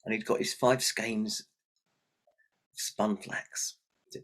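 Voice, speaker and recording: A man telling a folk tale aloud in a lively, chatty way, speaking to his listeners. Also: lowish voice, takes it slowly. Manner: lively, chatty, addresses the audience. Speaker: storyteller.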